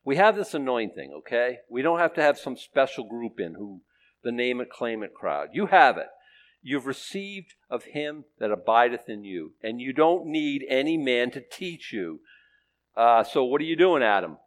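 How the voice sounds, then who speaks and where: A man's voice: medium pitch, big pitch swings, normal speed. A man preaching a conversational sermon, chatty and self-questioning, with playful asides to the congregation. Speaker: pastor.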